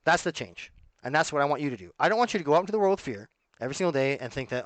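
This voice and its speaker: A man's voice: a little high, sing-song, rapid-fire, a bit bright, no echo. A man talking in a casual, rambling monologue, sarcastic and often breaking off mid-thought. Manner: rambling, sarcastic, self-interrupting. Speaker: musician and vlogger.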